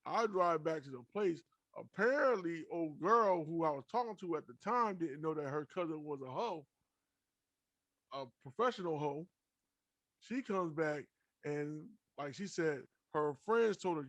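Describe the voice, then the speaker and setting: Profane, animated young man telling stories. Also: on the high side, moderate pace, no room sound, muffled recording. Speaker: podcast host. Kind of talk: casual storytelling.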